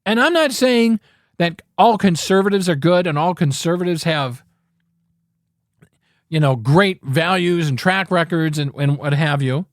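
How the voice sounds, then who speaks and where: A man's voice: a little high, unhurried, no echo, studio quality. A man hosting a political talk show, ranting with angry, sarcastic emphasis and frequent swearing.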